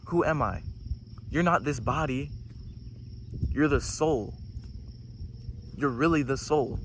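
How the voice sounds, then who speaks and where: A man talking in a casual, preachy spiritual monologue, getting excited and swearing casually as he goes off on tangents. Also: medium pitch, slow pace, a little hiss or hum. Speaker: host.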